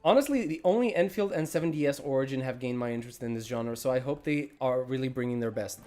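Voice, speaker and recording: A man's voice: mid-range voice, fast, warm tone. A man giving casual live commentary while playing a game, rambling and self-deprecating as he thinks aloud. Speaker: gaming livestreamer.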